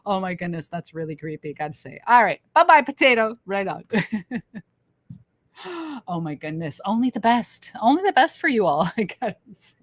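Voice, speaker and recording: In a very animated mid-range voice at normal speed, broken by long pauses, a woman from Canada reads viewer comments on her casual livestream. She's enthusiastic, laughs often, and tends to repeat phrases.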